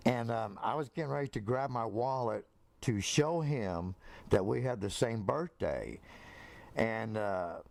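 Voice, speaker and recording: A man's voice: on the low side, vocal fry, no echo. A middle-aged man telling a personal story in a casual, rambling way, full of fillers and restarts, acting out the voices he quotes.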